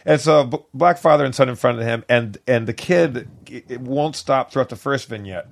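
A man casually telling a long funny anecdote on a podcast, laughing often and bursting into loud impressions. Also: mid-range voice, moderate pace, vocal fry. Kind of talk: casual podcast chat, storytelling.

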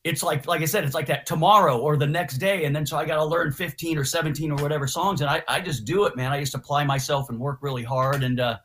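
A guitarist guest telling stories in a casual interview, slangy and animated, acting out what others said. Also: male voice, on the high side, fast, few pauses, a little hiss or hum. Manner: animated storyteller, slangy, acts out quotes. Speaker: guest musician.

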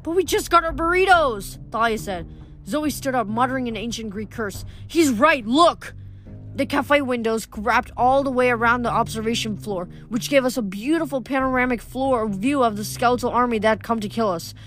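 Woman reader for a first-person novel, fairly high voice, stumbles and restarts, light music behind. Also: brisk. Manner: first-person narration with frequent stumbles and self-corrections. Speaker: audiobook reader. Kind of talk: reading a novel aloud.

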